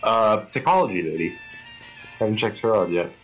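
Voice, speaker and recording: A man giving relaxed, musing commentary while streaming a game. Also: fairly low pitch, moderate pace, faint music behind, rough recording. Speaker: let's-play streamer. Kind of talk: casual gaming commentary.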